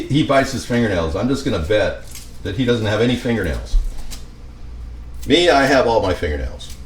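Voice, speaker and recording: A man's voice: mid-range voice, far from the mic, slight background noise. A man rambling and joking to viewers as he cooks in his home kitchen. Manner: rambling, jokey, talks to viewers while cooking. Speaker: home cooking vlogger. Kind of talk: rambling comedic cooking vlog. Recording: roomy, off-mic with faint ambience.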